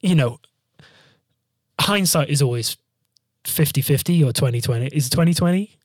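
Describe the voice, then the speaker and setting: Young man, band frontman, casual storytelling, swears a lot, slightly high voice, dry room. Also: normal speed, no echo. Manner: swears freely, animated, acts out quotes. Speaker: band frontman hosting a podcast.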